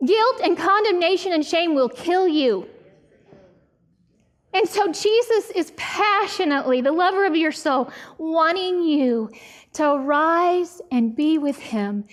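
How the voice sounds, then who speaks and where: A middle-aged woman Bible teacher giving a passionate, pleading sermon with slow, emphatic delivery. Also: very high voice, expressive.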